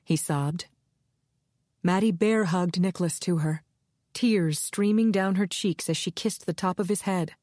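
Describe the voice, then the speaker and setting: A woman reads audiobook narration in a measured, even way. Her voice sits on the low side and the studio recording is dry and close. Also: no echo. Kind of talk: scripted narration.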